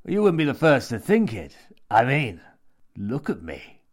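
A man's voice: mid-range voice, wildly swooping pitch, a little slow, pitched above the performer's own voice. Brief: man voicing a creepy old stranger in an audio horror tale, theatrical and preachy, raised voice. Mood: lecturing. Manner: theatrical, wheedling, lecturing. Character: sinister mad old man with pierced lips.

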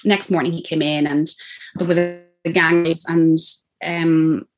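A woman's voice: low voice, unhurried, lo-fi sound. A woman in her thirties with an Irish accent, casually telling a personal story and acting out what people said to her. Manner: animated, acts out quoted lines.

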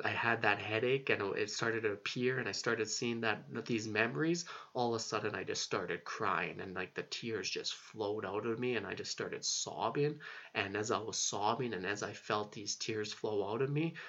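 Young dude rambling his story, lots of likes and ums, kinda low gravelly voice. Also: fairly bright tone. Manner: rambling, heavy on fillers, swears casually. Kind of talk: personal storytelling monologue. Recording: dull lo-fi recording.

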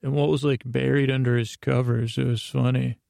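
A man hosts a sleepy bedtime podcast, drifting through a meandering recap full of hesitations and asides. His low, mellow voice is thick with gravelly fry and stays nearly monotone. The recording is close and dry. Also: no room sound. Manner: drowsy, unhurried. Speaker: podcast host.

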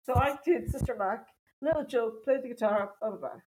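A woman's voice: on the high side, brisk, a little mellow, a little hiss or hum, poor audio. A woman, a stand-up comedian, telling stories in a casual interview and laughing often. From Ireland. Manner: chatty storytelling, laughing often.

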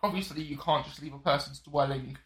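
A man's voice: on the high side, brisk, a bit bright. A man in casual chat who keeps cutting in with questions and asides. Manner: quizzing, chatty interjections.

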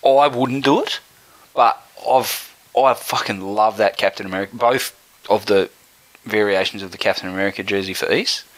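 A man's voice: on the low side, moderate pace, low-quality recording. A man co-hosting a podcast, telling stories in casual, swearing banter. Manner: animated storyteller, swears freely. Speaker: podcast co-host.

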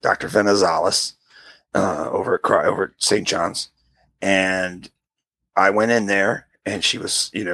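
A man's voice: gravelly, slightly rough, no room sound. A man in his fifties telling a long personal story in casual chat, acting out the people in it. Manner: animated storyteller, jumps to high pitch for quoted voices.

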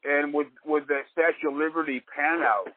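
A man's voice: on the high side, steady tone, moderate pace, no room sound. A man on a podcast talking casually about old films in a rambling, profane, opinionated way. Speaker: podcast co-host. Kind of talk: casual film chat. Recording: dry tinny phone-like line.

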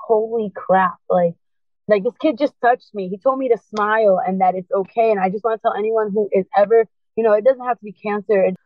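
A woman's voice: medium pitch, dry recording. A woman guest telling her personal story in an earnest, impassioned way, urging listeners to keep going. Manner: earnest, impassioned, urgent encouragement. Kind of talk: emotional personal testimony. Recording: tinny phone-line sound.

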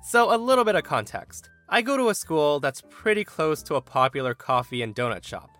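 A young man reading listener stories aloud with an animated delivery, acting out the quoted lines. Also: fairly high pitch, brisk, faint music behind. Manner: animated, voices the quoted characters. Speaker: story reader.

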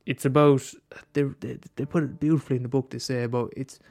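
A man's voice: mid-range voice, steady tone, fast talker, a little mellow, no room sound, soft background music. A man in a rambling casual monologue, swearing often and restarting his sentences.

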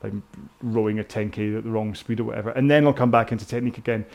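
A man's voice: lowish voice, steady tone, fast, creaky, a little mellow. A British man coaching a rowing workout indoors, chatting in a rambling, self-mocking way with jokey asides. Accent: British English.

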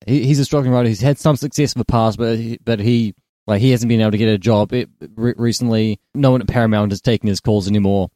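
A man co-hosting a casual film podcast, retelling the plot in a rambling way with deadpan jokes. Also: fairly low pitch, quick pace, no room sound, studio quality. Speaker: podcast co-host.

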